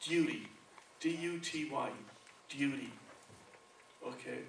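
A medium-pitched, fairly bright voice takes its time as a man with a Spanish accent preaches conversationally, often checking in with "okay" and "right." The sound is echoey and distant, recorded in a church sanctuary with a little hiss or hum.

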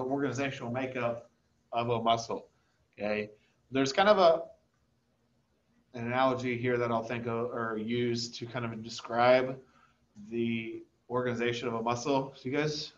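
A man giving a recorded anatomy lecture over slides in a relaxed, conversational way, often checking in with "okay?". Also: medium pitch, highs cut off. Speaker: anatomy instructor.

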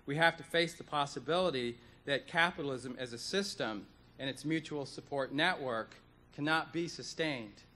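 Bright-toned man giving a deliberate conference speech. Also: a little high, slight background noise. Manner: earnest, deliberate lecturing with emphatic repetitions. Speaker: economist speaker. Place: conference hall.

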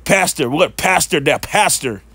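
A man's voice: on the high side, animated, a little slow, gravelly, bright, forceful tone, slightly rough. A man preaching informally and reading scripture aloud, scornful and repetitive, often stumbling over his words. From Western North Carolina.

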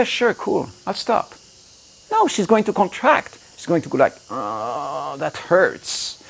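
A man coaching other men on relationships, blunt and emphatic, cursing freely. His voice runs a little high for a man and swings widely up and down as he presses his points. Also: breathy edge. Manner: blunt, emphatic, swears freely, acts out angry quotes. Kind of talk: direct-to-camera coaching talk.

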